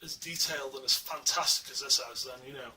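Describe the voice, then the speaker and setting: A man's voice: medium pitch, steady tone, fairly quick, bright, forceful tone. A man at home reviewing a collectible statue in a casual, enthusiastic, rambling way, full of fillers, recorded on a small camera mic. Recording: distant mic with faint hiss.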